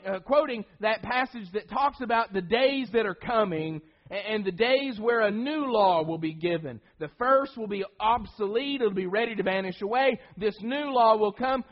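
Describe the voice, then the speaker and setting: A man's voice: sits high, highs cut off. A man preaching a sermon, emphatic, often repeating words and restarting phrases.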